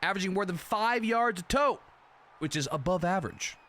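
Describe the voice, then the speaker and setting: A young man streaming a football video game, commentating the plays in a casual, excitable and profane way, often breaking into shouts. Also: sits high, brisk.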